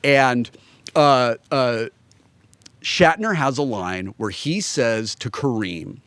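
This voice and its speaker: A man telling anecdotes as a podcast guest, his pitch bouncing lively up and down. He sits at a middle pitch and chats casually, laughing as he goes. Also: slow, no echo. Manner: animated storyteller who laughs through his stories.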